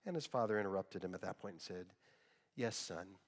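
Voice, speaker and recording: A middle-aged man preaching a sermon as pastor, telling stories in an animated way. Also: deep voice, rapid-fire. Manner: storytelling, with loud bursts of laughter and mimicry. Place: church sanctuary. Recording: long reverb of a church hall.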